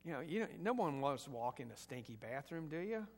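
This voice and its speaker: A man's voice: a little high, big pitch swings, quick pace. A man preaching a conversational sermon as pastor, asking the congregation questions and rising to emphatic peaks. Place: church sanctuary. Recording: echoey hall.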